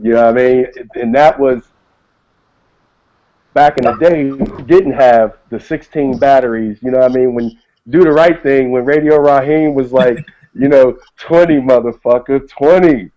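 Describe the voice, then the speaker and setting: A man talking about hip hop in a relaxed way, often asking "you know what I mean". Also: mid-range voice, moderate pace. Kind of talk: casual chat about hip hop lyrics. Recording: dull lo-fi recording.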